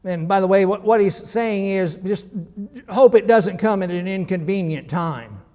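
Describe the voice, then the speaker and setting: Male pastor, sermon delivery, conversational but emphatic, higher-pitched voice, echoing sanctuary. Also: normal speed, dark tone. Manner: conversational, emphatic, with frequent restarts.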